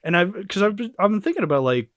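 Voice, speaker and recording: A man's voice: sits high, very animated, fast, fairly bright tone, no room sound, clean studio sound. A young man hosting a casual movie podcast, rambling and restarting sentences, laughing often. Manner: rambling, self-correcting, frequent laughter. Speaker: podcast host.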